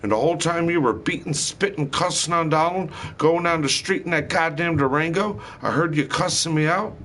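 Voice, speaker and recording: A man's voice: on the high side, a little fast, fairly bright tone. A man delivering a rambling, angry monologue, swearing heavily and hurling accusations. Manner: heated, profane, accusatory ranting.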